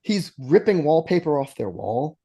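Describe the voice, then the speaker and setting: A man's voice: a little high, moderate pace, gravelly, husky. A man co-hosting a casual movie podcast, retelling scenes with laughs and restarts. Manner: animated storytelling with frequent laughs and restarts. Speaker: podcast co-host.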